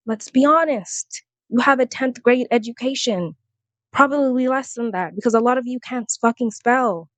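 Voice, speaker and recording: A woman's voice: a little high, dry recording. A young woman giving a heated, sarcastic commentary rant to the camera, exasperated and blunt. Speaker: commentary vlogger.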